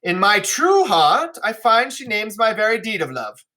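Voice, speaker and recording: A royal daughter gushes her flattery with careful declaiming, as a man reads her lines in class. The voice is lifted slightly above plain talk and sounds bright. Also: high voice, normal speed, voice pushed up, full character voice. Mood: flattering. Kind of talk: classroom play read-aloud.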